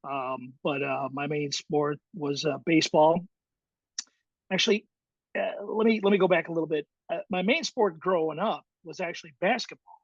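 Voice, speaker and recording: As an interview guest, this middle-aged Chicago man, a high school baseball coach, reflects on his story, often using fillers and restarting sentences. He speaks at a moderate pace in a voice on the high side. The audio is lo-fi with no room sound.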